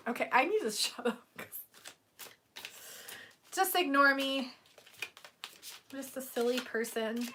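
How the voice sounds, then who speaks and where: A woman's voice: high-pitched, expressive, takes it slowly, pauses often, pushed and bright. A woman doing a casual tarot-reading livestream from home, chatty and giggly, talking to her viewers in front of a camera on a tripod. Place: room at home.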